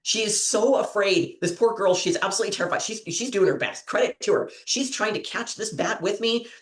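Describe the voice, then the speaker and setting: A woman with a mid-range voice speaks briskly as she hosts a trivia show. Casual chat and meandering stories come with frequent giggles, and the room adds a noticeable echo.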